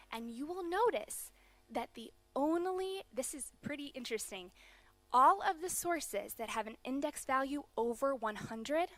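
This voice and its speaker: A young woman from the USA giving a conference keynote, explaining data in a brisk manner with some fillers. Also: on the high side, a bit bright, no echo. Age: young adult. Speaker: keynote speaker. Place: large conference hall.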